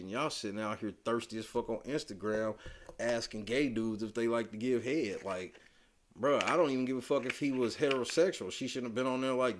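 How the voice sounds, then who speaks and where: This podcast co-host is a man chatting casually about reality TV. His commentary is blunt, full of slang and swearing, and he swings between muttering quietly and ranting loudly with emphasis.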